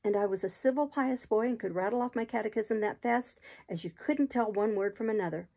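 A woman voicing a wild, marooned old male sailor in an audiobook reading, talking in rough sailor's dialect, eager and sly. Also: medium pitch, a little fast, dark tone.

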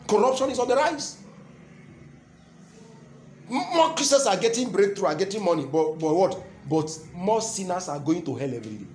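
Nigerian preacher, call-and-response sermon. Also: male voice, high voice, expressive, moderate pace, long pauses, a little mellow, a little hiss or hum. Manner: call-and-response, keeps asking the crowd "what?" to complete his lines; emphatic, repeating key phrases.

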